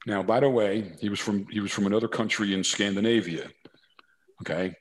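A man's voice: on the low side, brisk. A man from New Jersey, a corporate consultant, telling anecdotes as a guest in a casual interview, with lots of asides and restarts. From New Jersey, USA. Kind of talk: storytelling interview.

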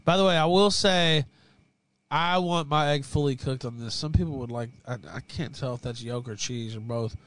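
A man's voice: medium pitch, moderate pace, fairly bright tone, dry recording. A man hosting a casual livestream, swearing freely and laughing while reacting to chat and videos. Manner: profane, laughing, opinionated. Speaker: livestream host. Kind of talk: casual live-stream chat.

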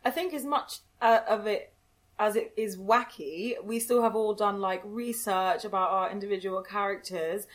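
A woman talks about preparing for her acting role. She sounds earnest and measured, with a mid-range voice. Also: medium pitch. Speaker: actress. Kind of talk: casual interview.

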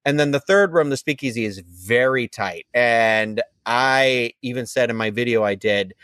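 Casual guy podcast cohost, mid pitch, rambly, lots of likes, dry mic. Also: normal speed, fairly bright tone, clear, resonant tone, no room sound. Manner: rambling, filler-heavy storytelling. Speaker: podcast co-host. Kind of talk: casual chat.

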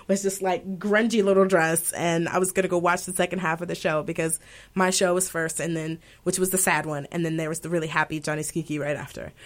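A woman who sings opera, talking as an interview guest and telling stories with emotion. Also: on the low side. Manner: emotional, animated storytelling with laughter. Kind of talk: conversational interview storytelling.

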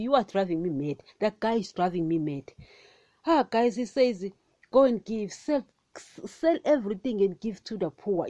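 A woman giving a casual, animated sermon on a podcast, often calling her listeners guys and repeating phrases for emphasis. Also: mid-range voice, no echo. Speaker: podcast preacher.

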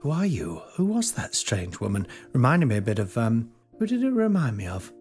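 Giggly, rambling comedian. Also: male voice, normal speed, soft background music. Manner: self-mocking, giggly, lively swings in pitch. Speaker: podcast host, comedian. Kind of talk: rambling comic monologue.

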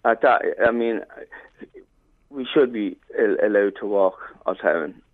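An Irish man calling in to a radio show, shaken and halting as he speaks. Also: fairly low pitch, dry recording. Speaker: caller. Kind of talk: phone interview. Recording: tinny phone line.

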